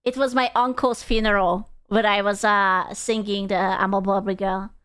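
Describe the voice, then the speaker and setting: A woman's voice: medium pitch, level tone, moderate pace, a bit bright, smooth. A young woman live-streaming, chatting casually in a rambling way, swearing freely and laughing often. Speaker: VTuber streamer.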